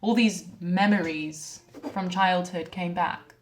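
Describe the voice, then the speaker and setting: An actress playing a young wife who records a shaken video message to her mother, speaking softly and haltingly. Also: fairly low pitch, fairly even intonation, a little hiss or hum, low-quality recording. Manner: soft, hesitant, halting delivery with quiet dips. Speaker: actor in a short film. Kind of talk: dramatic monologue as a video message.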